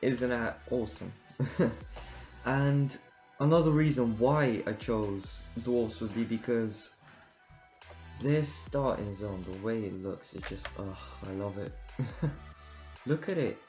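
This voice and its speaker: A man's voice: medium pitch, slow pace, long pauses, darkish tone. A man giving rambling, casual commentary while playing a game, laughing often. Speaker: gamer. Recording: dull lo-fi recording with game music. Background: game music.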